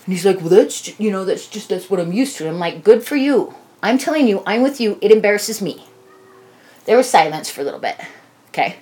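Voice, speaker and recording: A woman's voice: medium pitch, lively intonation, a little fast, mellow. A woman telling a casual personal story, rambling and swearing freely, acting out quoted dialogue as she goes.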